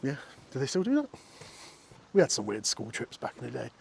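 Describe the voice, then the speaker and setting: Medium in pitch but wildly swooping, this man's darkish voice carries vocal fry and moves a little fast. He vlogs on a countryside walk, casually joking with viewers and the sheep he passes along fields and paths, with faint wind around him.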